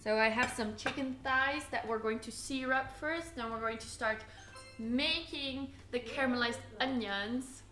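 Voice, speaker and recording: Woman, home cooking livestreamer, relaxed unhurried chatter, self-teasing; roomy kitchen sound. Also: fairly high pitch, faint music behind. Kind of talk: casual live cooking stream chat.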